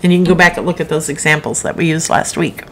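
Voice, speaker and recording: A middle-aged woman author hosts a live broadcast, chatting frankly with her viewers and rambling into asides. She talks fast in a low-pitched voice, with slight background noise.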